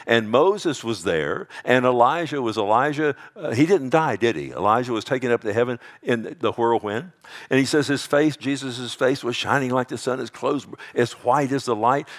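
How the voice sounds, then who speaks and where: A man preaching a sermon, who slows down for emphasis, swings between loud and hushed phrases, and asks his congregation questions. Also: medium pitch, animated. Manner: preaching with dramatic slowdowns, rising emphasis and quiet drops. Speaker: pastor.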